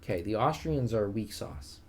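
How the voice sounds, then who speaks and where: A man's voice: on the low side, animated, moderate pace, husky. A young man casually commenting on his strategy game live stream, joking with his chat. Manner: chatty, jokey, talks to chat.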